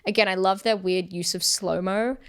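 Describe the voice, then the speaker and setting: A woman's voice: medium pitch, steady tone, normal speed, clean tone. A woman co-hosting a podcast, recounting film scenes animatedly with dry asides. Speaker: podcast co-host. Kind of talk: casual chat.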